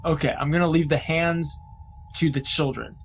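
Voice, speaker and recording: A man playing a tabletop role-playing game, chatting casually and reacting with excited enthusiasm. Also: fairly high pitch, moderate pace, faint music behind. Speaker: player.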